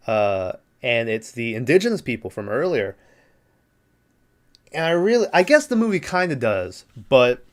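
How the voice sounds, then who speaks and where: Podcast guy rambling thru a movie plot, lots of likes and ums, swears a bunch, regular mid voice. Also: medium pitch. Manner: rambling, filler-heavy, profane, laughs at the film. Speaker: podcast host. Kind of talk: casual movie recap.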